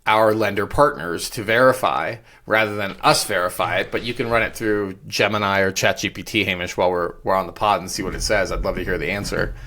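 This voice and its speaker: A man's voice: lowish voice, fairly quick, hardly any pauses, sharp tone. A man co-hosting a casual real estate podcast, chatty and rambling with frequent restarts. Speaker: podcast co-host.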